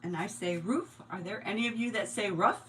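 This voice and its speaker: A woman's voice: mid-range voice, quick pace, a bit bright, a little hiss or hum, rough recording. A woman from New Jersey with a mixed New Jersey, Long Island and Indiana accent, hosting a casual craft livestream, chatting and laughing often while she works. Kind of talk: casual craft-along chat.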